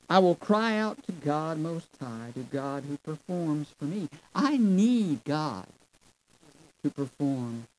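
A man's voice: a little high, low-quality recording. A man preaching a sermon, drawing out his phrases, swelling suddenly in volume for emphasis, and calling his listeners folks and friends. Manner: addresses the audience as folks and friends.

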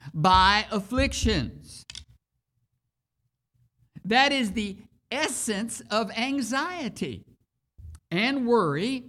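A preacher reads scripture aloud and expounds on it in a sermon. The delivery is extremely slow and measured, with long pauses between phrases. Important words are repeated for emphasis. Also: mid-range voice, a bit bright.

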